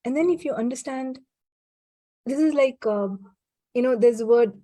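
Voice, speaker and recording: A woman guest in a casual conversation, speaking reflectively with frequent restarts and soft laughs. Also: sits high, moderate pace, no room sound.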